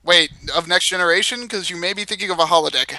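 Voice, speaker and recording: A man's voice: high voice, fast, sharp tone, no echo. A young man co-hosting a casual podcast chat, crude and jokey, full of profanity. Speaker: podcast co-host.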